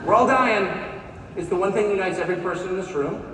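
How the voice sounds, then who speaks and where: Heard from a distance in an echoey, large conference hall with a faint crowd and slight background noise, an American man in his fifties gives a live speech full of sarcasm and mockery. His high voice is a bit bright and his pace quick.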